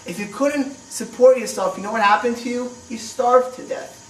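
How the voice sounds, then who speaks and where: A man's voice: extremely high pitch, normal speed. A man giving a history lecture as a rabbi, speaking conversationally with restarts and rhetorical questions. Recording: echoey room, mic far off, faint noise.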